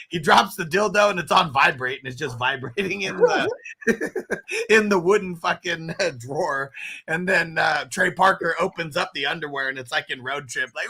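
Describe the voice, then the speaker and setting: A man with a very bright, forceful voice hosts a casual talk show. He reads viewer comments aloud and tells stories in a loose, laughing way. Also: fairly high pitch, very animated, moderate pace, gravelly, husky. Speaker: podcast host. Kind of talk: casual chat reading live chat comments.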